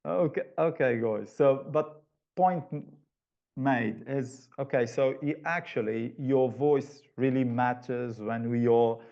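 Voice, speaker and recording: A man presenting a webinar over a video call, his voice dark and gravelly. He explains his points patiently, often restarting a phrase before going on. The audio sounds slightly dull and muffled. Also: medium pitch, takes it slowly. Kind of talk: online presentation talk.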